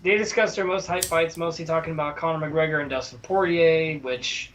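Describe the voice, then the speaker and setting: A man's voice: a little high, steady tone, fairly quick, fairly bright tone. A man co-hosting a podcast, casually recapping episodes with fillers and swearing. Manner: laid-back recapping, swears and uses lots of fillers. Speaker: podcast co-host.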